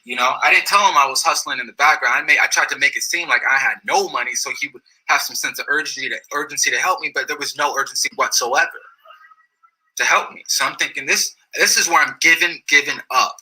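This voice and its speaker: A man's voice: on the high side, quick pace, slightly rough, rough recording. A man casually telling a story in slangy speech, often restarting and repeating phrases. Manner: slangy, repetitive, restarts phrases, animated retelling. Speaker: storyteller recounting his experience.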